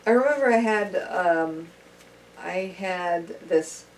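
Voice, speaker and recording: A woman guest in casual conversation, chatty and halting, with many fillers. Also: on the low side, lively intonation. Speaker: podcast guest. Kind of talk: casual chat. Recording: distant mic with faint room noise.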